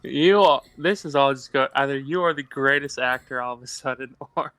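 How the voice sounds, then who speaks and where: A man's voice: medium pitch, fairly quick, bright, forceful tone, smooth. A man playing a tabletop game who teases his friends and thinks aloud about the plan. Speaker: player. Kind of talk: casual tabletop game chat.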